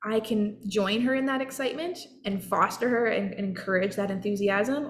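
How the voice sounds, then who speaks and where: An earnest, encouraging woman in her thirties speaks as a self-help coach. Her middling voice carries a gravelly, creaky texture. She talks straight to the listener in a motivational style. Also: mid-range voice, normal speed, hardly any pauses. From Canada. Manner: earnest, encouraging, acts out short quoted voices. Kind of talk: motivational talk.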